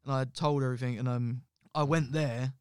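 Smooth, dry-voiced young Englishman. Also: mid-range voice, steady tone, fairly quick, dry recording. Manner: candid, swears freely, acts out quoted dialogue. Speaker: podcast co-host. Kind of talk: casual storytelling chat.

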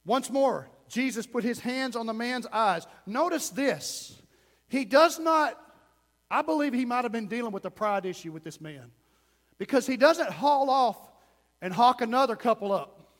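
High-voiced impassioned preacher. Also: male voice, expressive, a little slow, big-room sound. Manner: impassioned, swings between loud and hushed. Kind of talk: sermon.

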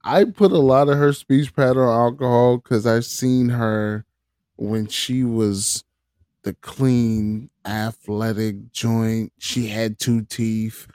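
A man's voice: medium pitch, steady tone, slow, darkish tone, smooth, no room sound, studio quality. A man co-hosting a casual podcast, joking and laid-back, often trailing off mid-sentence. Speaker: podcast co-host.

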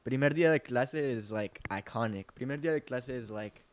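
A man's voice: medium pitch, brisk. A young man co-hosting a podcast, chatting with friends in an enthusiastic, slangy way. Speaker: podcast co-host. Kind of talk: casual chat among friends. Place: podcast table with mics.

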